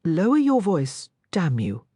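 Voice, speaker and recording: Brief: woman playing a harsh, curt injured gambler, lively and clipped, dry audiobook sound. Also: on the low side, slow, husky, dry recording, exaggerated voice. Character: gruff injured man, rude gambler.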